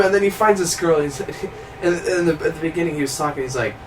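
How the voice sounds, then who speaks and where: A young man chatting casually on a movie commentary, an animated storyteller who laughs often and slips into loud impressions. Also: on the high side, fast, soft background music. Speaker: co-host. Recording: noisy, distant room recording.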